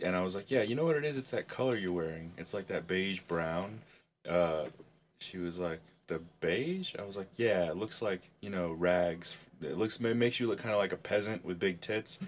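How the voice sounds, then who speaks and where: Deep-voiced man telling crude stories. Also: a little hiss or hum. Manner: laughs at his own jokes, acts out quoted lines. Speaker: podcast co-host. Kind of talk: crude comedic storytelling.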